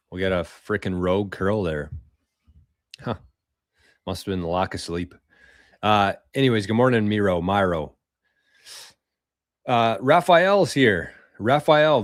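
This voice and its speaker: A man hosting a casual livestream, reading viewer comments aloud in a loose, swearing, chatty way with quick laughs. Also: lowish voice, no room sound, clean studio sound. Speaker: livestream host.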